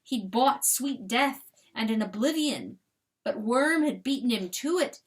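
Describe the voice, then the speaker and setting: A woman giving a slow, intense dramatic reading of a novel as the channel's reader. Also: a little high. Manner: slow, intense, expressive narration. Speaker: audiobook reader.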